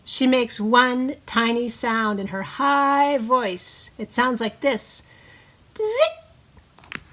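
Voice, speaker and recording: Woman teacher, fairly high voice, unhurried storybook reading to small children, encouraging, leads call-and-response. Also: fairly even intonation, fairly bright tone. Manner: slow, encouraging, leads bird-call imitations. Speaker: preschool teacher. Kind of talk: reading a picture book aloud to children.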